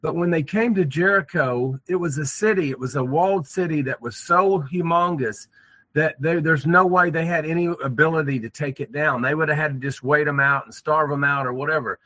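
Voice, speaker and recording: A man's voice: a little high, a little fast, bright, forceful tone, no room sound. A man talking earnestly as a guest on a talk show, often repeating words. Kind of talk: casual chat.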